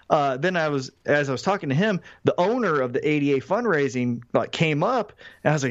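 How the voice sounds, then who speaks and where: Animated man telling a story, dull sound. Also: fairly high pitch, quick pace, few pauses, dry recording. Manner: animated, swearing, acts out quotes. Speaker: podcast co-host. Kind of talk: casual storytelling chat.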